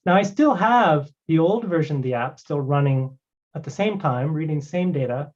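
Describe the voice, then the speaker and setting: A man walking through a live technical demo as a guest presenter, talking casually and filling pauses with "you know" and "right". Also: on the high side, animated, a little mellow. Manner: conversational, many fillers like "you know" and "right". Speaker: guest presenter demoing a cloud product. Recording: dull lo-fi stream audio.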